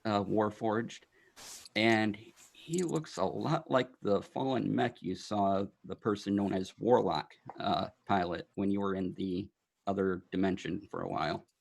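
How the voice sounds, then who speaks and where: A man narrating as dungeon master of a tabletop game, in a loose, halting way with many fillers. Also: on the low side, gravelly.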